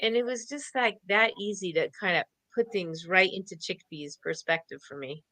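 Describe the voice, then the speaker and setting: Upbeat, chatty woman co-host with a bright, dry, close sound. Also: medium pitch, moderate pace, no room sound, poor audio. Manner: chatty, upbeat, laughs often. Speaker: co-host doing card readings. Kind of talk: casual online show chat.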